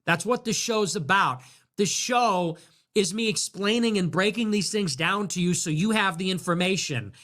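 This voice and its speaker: A man hosting a livestream, rambling sarcastically, laughing often, swearing and dropping into low mutters. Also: moderate pace, bright, forceful tone. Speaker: livestream host. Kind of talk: casual livestream commentary.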